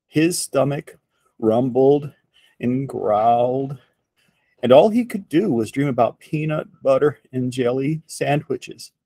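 A man reads a children's picture book aloud, unhurried and expressive. His voice has a slight husky edge, and the recording is dry and close with no room sound. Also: medium pitch, dry recording. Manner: slow, expressive read-aloud. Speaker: storyteller for children.

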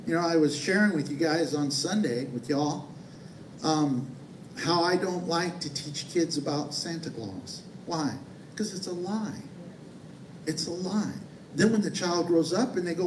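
A man's voice: high-pitched, normal speed, slight background noise. A man pastor, preaching a sermon in a conversational way with playful asides. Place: church sanctuary. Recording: echoey church hall from far off.

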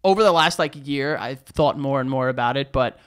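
A man's voice: mid-range voice, a little fast, smooth. A young man co-hosting a podcast in casual chat, swearing freely and joking around. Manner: animated, swearing, doing silly celebrity impressions. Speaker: podcast co-host.

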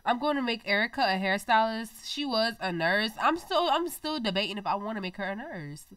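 A young woman hosting her own gaming channel, chatting excitably to viewers over gameplay while her nose is stuffy. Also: on the high side, a little fast, dry recording. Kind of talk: casual gameplay commentary.

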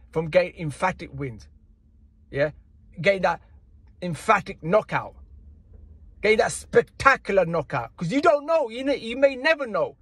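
Husky high-voiced man ranting. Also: fairly bright tone, no echo. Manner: indignant, repetitive, slangy. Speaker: boxing commentator. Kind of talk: casual ranting commentary.

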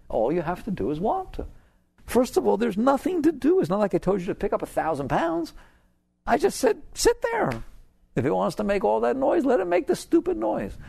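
A man's voice: on the high side, gravelly, a little mellow. An older man giving a spiritual talk to an audience, asking rhetorical questions and laughing as he makes his points. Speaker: spiritual teacher.

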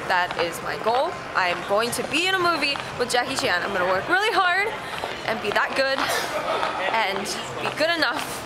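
A woman actress vlogging at a crowded premiere, gushing and giggling with breathless fan excitement. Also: on the high side, moderate pace. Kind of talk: excited casual vlog chat. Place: crowded film premiere venue. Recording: loud crowd and noise around. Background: crowd chatter.

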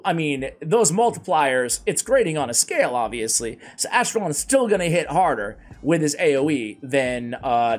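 Male game-guide host, slightly high voice, loose and self-mocking, conversational commentary. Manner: chatty, self-deprecating, rambling asides.

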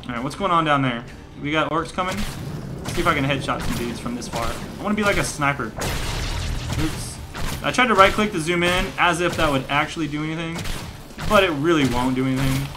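A man's voice: on the high side, a little fast. A man giving rambling, joking let's play commentary, breaking into mock rage and laughter. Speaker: gaming commentator. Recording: game music playing behind.

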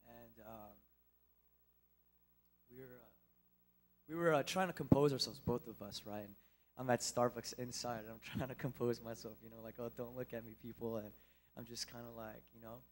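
A young man speaking at a church, telling a personal testimony in a halting, emotional way with many restarts. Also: medium pitch, low-quality recording.

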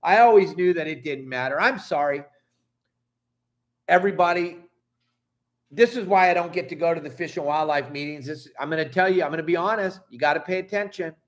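A man's voice: on the high side, a little fast. Angry fishing vlogger, middle-aged man. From Southern California. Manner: angry, emphatic, swears and apologizes. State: upset. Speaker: fishing channel host. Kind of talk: heated vlog rant.

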